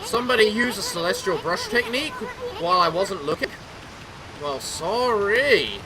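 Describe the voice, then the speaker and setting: A woman's voice: mid-range voice, very animated, moderate pace, a crowd in the background. A woman hosting a let's play, giving playful, casual gameplay commentary and stumbling over names. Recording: game music behind.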